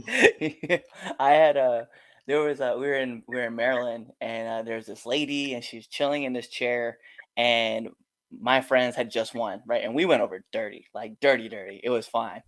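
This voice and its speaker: A man co-hosting a wrestling podcast, telling animated stories from his own matches with quick fillers. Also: medium pitch. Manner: animated, loud when acting out quotes. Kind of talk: casual storytelling chat.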